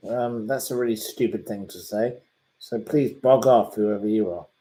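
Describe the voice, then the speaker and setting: A man's voice: fairly low pitch, moderate pace, dark tone. A man from Derbyshire, hosting a casual livestream and answering viewers' questions in a rambling way with dry put-downs. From England, Derbyshire. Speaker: livestream host reading viewer comments.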